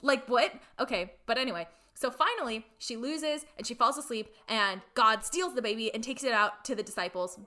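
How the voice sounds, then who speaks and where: A woman's voice: a little high, expressive, normal speed, few pauses, sharp tone. A young woman co-hosting a podcast, retelling a film plot in a chatty way with lots of fillers and acted-out lines. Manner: chatty, filler-heavy, acts out characters' lines. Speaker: podcast co-host.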